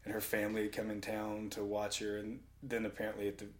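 Animated, low-voiced man telling stories. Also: fast talker. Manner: animated storyteller, laughs often. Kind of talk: casual conversation.

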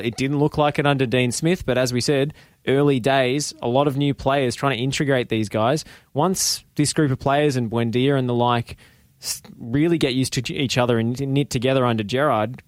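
A man with an average-pitched voice leads the conversation, laying out his questions in a measured, thoughtful way. His voice is close and dry, with little room sound. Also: dry recording. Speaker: host. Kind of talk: casual interview questions.

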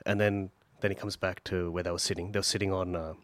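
Low-voiced rambling male storyteller. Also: little pitch movement, quick pace, dry recording. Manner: rambling storyteller, acts out characters' lines. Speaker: podcast co-host. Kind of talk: casual chat.

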